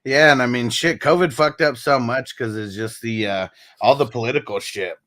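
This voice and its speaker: A man co-hosting a podcast, relaxed and agreeable, swearing casually. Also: medium pitch, moderate pace, dry recording. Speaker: podcast co-host. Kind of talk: casual chat.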